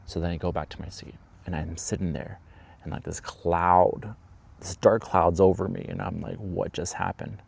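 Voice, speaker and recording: Guy with a deep gravelly voice telling a classroom story, acts out bits. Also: fairly even intonation, moderate pace, a little mellow. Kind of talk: storytime vlog.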